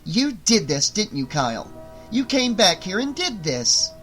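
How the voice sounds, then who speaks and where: A man's voice: very high-pitched, normal speed, sharp tone, faint music behind, pitched above the performer's own voice. A man voicing a stern woman who runs a children's home, insistent and firm. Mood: accusing. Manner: insistent, tugging firmly.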